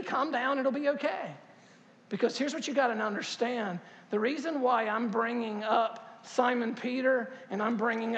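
A male pastor preaching a sermon, animated and joking, with loud bursts. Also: very high-pitched. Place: large church hall. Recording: echoey church hall.

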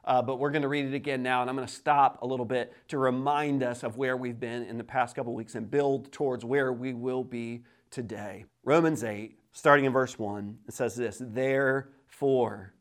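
A man in his thirties preaching a sermon as pastor, telling stories in an animated way and often repeating words as he starts a sentence. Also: mid-range voice, normal speed, hardly any pauses. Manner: lively, animated storytelling with quoted voices.

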